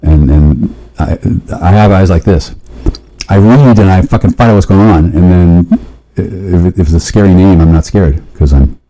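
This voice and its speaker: A man in a rambling, profane monologue, often restarting and jumping suddenly up in pitch. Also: moderate pace, dark tone, poor audio.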